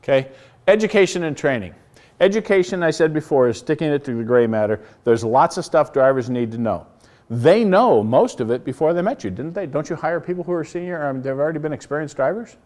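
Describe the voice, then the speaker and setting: A man's voice: on the high side, animated, a little fast, darkish tone. Blunt folksy man presenting. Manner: folksy, blunt storytelling with quoted dialogue; rhetorical questions to the crowd. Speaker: company CEO giving a presentation. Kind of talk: live business presentation to an audience.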